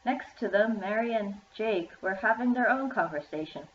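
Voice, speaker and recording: A woman's voice: mid-range voice, animated, normal speed, slight background noise. A woman reading her own children's story aloud in a plain manner. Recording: echoey room, dull lo-fi sound.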